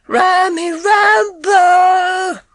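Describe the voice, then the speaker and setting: A man voicing a boy who imitates an old woman, calling in a shrill, drawn-out voice. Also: steady tone, a bit bright, dry recording, clean studio sound, heavily acted. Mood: calling the cat.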